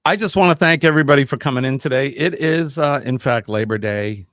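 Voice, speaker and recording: A man's voice: mid-range voice, brisk, fairly bright tone, no room sound, studio quality. Upbeat man hosting a live stream. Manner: upbeat, reads viewer comments aloud. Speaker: host of a live quiz stream. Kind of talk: casual live-stream chat.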